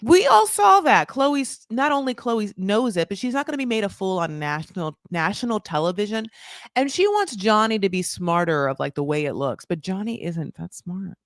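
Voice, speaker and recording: A woman in her thirties hosting a casual recap, chatty and swearing, with lots of "like" and sudden jumps in pitch for emphasis. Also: moderate pace, no echo, studio quality. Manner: lively, jumps high for emphasis. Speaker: recap podcast host. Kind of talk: casual chat.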